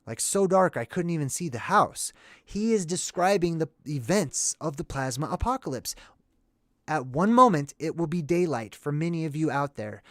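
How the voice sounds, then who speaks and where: A man hosting a casual movie commentary video, talking in a chatty, excitable and rambling way. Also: a little high, no echo, studio quality.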